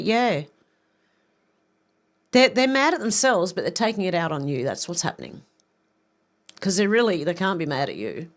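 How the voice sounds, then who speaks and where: A woman hosting a live stream, reading viewer comments aloud and reacting with quick asides. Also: fairly low pitch.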